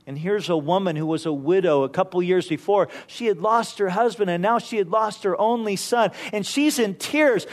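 A man with a notably high voice preaches a sermon. He tells stories in an easy, conversational way and often drops in casual asides to the listeners. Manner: conversational storytelling with frequent "you know" asides.

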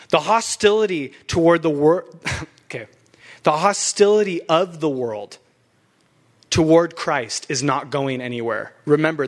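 Fired-up young male pastor preaching. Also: fairly high pitch. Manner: fired-up, emphatic, laughs between points. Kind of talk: sermon.

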